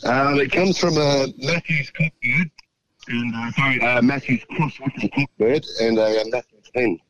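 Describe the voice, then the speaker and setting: An Australian man calls in over a radio phone line and tells how his pigeon won a race. He talks in an excited, chatty way and stays in a middle pitch range. He laughs easily as he tells the story. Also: normal speed, crowd noise. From South Australia. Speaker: winning pigeon racer, phone guest.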